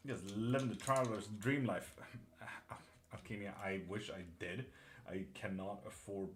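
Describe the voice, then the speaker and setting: Soft music sits faintly behind a fairly low, steady male voice moving a little slowly. The man, Swedish with a spotty Irish-British accent, runs a relaxed live tarot stream from home in England, reading viewer messages aloud with casual swearing and laughter.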